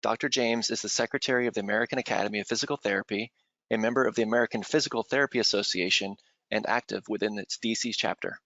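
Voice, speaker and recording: A man hosting a webinar, reading a formal guest introduction in a brisk style. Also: lowish voice, fairly even intonation, pushed and bright, dry recording. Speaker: webinar host. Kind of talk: scripted introduction. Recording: dry dull lo-fi webinar audio.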